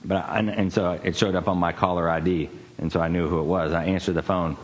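A man preaching, telling a personal story in a casual, conversational way with fillers and quick laughs. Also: sits low, fairly even intonation, in a large hall. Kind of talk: sermon story.

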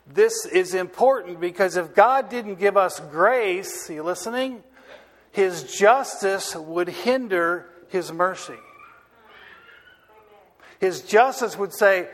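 A man delivers a sermon in a high, light voice at an unhurried pace. He stretches the important words and pauses often to ask whether the listeners are following him. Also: animated. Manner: asks the audience if they are listening. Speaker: pastor.

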